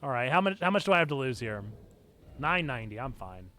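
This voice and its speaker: A man giving live commentary while he plays a video game on stream, excitable and quick to break into shouts at what happens in the game. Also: mid-range voice, faint music behind. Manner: excitable, bursts into shouting over game events. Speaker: church gaming streamer.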